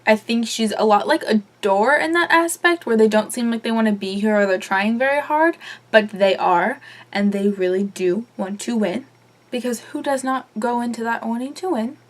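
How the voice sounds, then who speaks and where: Young woman, slightly high voice, casual chatty reviewer with strong opinions. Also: moderate pace. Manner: chatty and opinionated, lots of fillers and swearing. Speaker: vlogger reviewing a TV episode. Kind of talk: casual chat.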